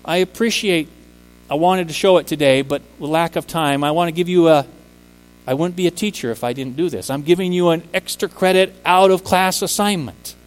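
A man's voice: on the high side, fairly quick, smooth, big-room sound, low-quality recording. A man preaching a sermon, speaking emphatically and rising to impassioned peaks on key words. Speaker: preacher and teacher.

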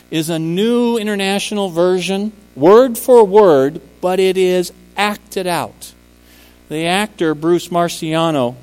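A man's voice: high voice, long reverb tail, rough recording. A man preaching a sermon, speaking emphatically and rising to impassioned peaks on key words. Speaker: preacher and teacher.

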